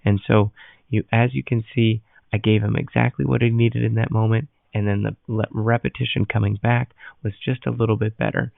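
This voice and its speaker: Gravelly man in tinny voice-over. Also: fairly low pitch, fairly quick, no echo. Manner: calm instructive explanation. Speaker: dog trainer. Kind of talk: voice-over training note.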